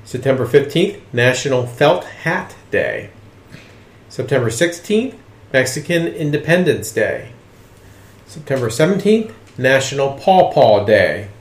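Man, podcast host, mid pitch, steady plain reading, casual, echoey room. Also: a little slow. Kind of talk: casual chat and reading out listings.

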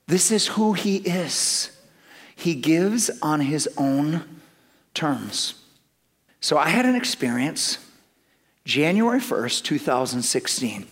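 Animated middle-aged male preacher. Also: a little high, slow pace, long pauses. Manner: animated storytelling, swinging from loud emphasis to hushed asides. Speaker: pastor. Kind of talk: sermon.

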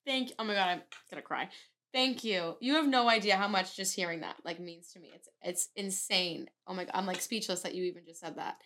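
A woman's voice: fairly low pitch, a little fast, few pauses, pushed and bright. A woman hosts a podcast in a casual chat. She talks in a gushing, effusive way. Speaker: podcast host.

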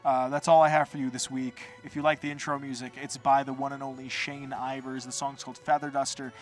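A man hosting a podcast, telling a rambling, animated story in a casual monologue with some swearing. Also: mid-range voice, fairly quick, faint music behind. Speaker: podcast host.

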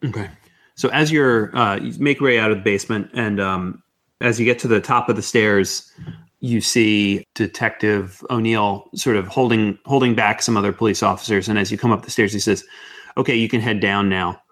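A man's voice: fairly low pitch, steady tone, moderate pace, fairly bright tone. A man narrating as game master of a tabletop game, hesitant, with many fillers.

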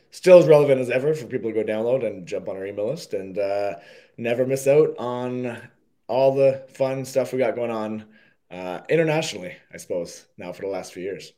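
Male co-host, low voice, a bit under the weather, loose and joking. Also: brisk, warm tone. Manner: easygoing, joking, fillers. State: slightly off voice, unwell. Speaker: podcast co-host. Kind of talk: casual podcast chat.

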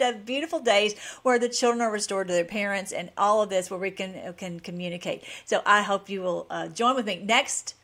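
A woman's voice: medium pitch, a little fast, fairly bright tone. Chatty, eager woman vlogger. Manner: enthusiastic, rambling with frequent restarts. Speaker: channel host. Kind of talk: casual vlog chat.

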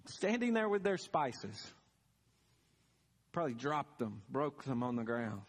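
A man's voice: mid-range voice, big pitch swings, a little slow, long pauses. A man preaching a sermon as pastor, telling the story dramatically and building to emphatic peaks. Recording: long reverb of a large hall.

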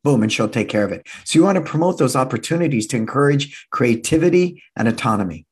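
A man in his sixties, a martial arts school owner, gives an energetic motivational seminar talk, repeating key phrases and acting out quoted voices. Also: mid-range voice, fast, husky. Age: 60s.

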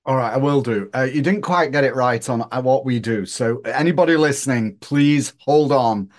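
A man's voice: medium pitch, moderate pace. A man in his sixties from Northern England with a Northern English accent, a guest telling his career story in a joking, self-deprecating way. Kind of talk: casual interview chat.

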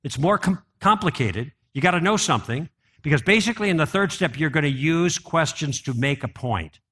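Guy giving a talk to a crowd, kinda high bright voice, asks the room stuff, chatty. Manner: animated, conversational, asks the audience questions. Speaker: apologetics speaker. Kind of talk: live conference talk.

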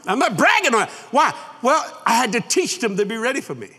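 A man's voice: very high voice, big pitch swings, brisk, sharp tone, slightly rough. A man preaching a sermon, folksy and boastful, laughing at his own lines. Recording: long hall reverb.

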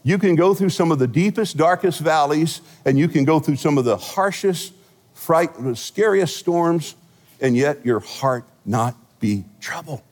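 Animated male pastor preaching in a hall. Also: fairly high pitch, measured pace. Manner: animated, humorous storytelling with big swings in loudness. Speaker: senior pastor. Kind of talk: sermon. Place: large church sanctuary.

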